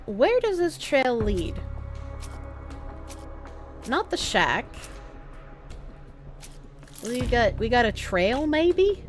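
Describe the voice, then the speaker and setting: Woman streamer, playful, chatty, high pitch, very animated. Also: drawn-out words, long pauses, soft background music. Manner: playful, chatty, reacts to chat. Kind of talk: casual gameplay commentary.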